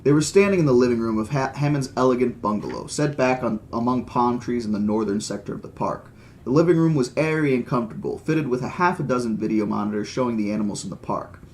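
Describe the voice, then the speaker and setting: A man reading a novel aloud on a live stream, with plain, steady narration and casual asides to his viewers. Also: medium pitch, fast talker, a little hiss or hum. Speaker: audiobook reader and streamer.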